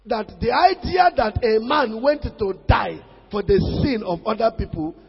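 Male preacher, husky, shouts his points; muffled recording, faint music behind. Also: animated, unhurried. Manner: swings from low asides to shouted exhortation. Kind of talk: sermon. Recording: reverberant hall, dull lo-fi sound.

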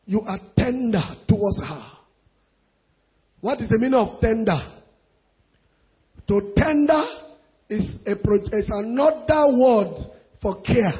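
High, raspy Nigerian preacher. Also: male voice, lively intonation, slow, pauses often. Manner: emphatic, repetitive, bursts of shouting. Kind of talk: sermon. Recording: dull lo-fi sound.

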